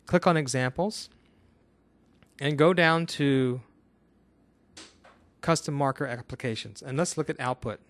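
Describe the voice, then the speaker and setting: A man of middle pitch talks through a screencast coding tutorial. He explains each step in a relaxed, casual way, like an instructor showing his own screen. He is from Northern Kentucky in the US. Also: unhurried, long pauses, dry recording.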